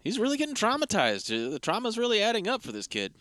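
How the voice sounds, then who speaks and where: A man's voice: high-pitched, huge pitch swings, fast, pushed and bright, dry recording. A man co-hosting a podcast, chatting casually and wryly about movies and swearing freely. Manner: wry, swears freely, mimics characters. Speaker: podcast co-host. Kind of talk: casual movie discussion chat.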